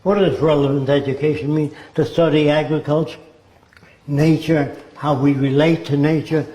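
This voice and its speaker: A man's voice: on the high side, steady tone, moderate pace, warm tone. A man giving a blunt, sardonic talk full of rhetorical questions. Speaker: speaker. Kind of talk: lecture-style monologue. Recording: roomy echo.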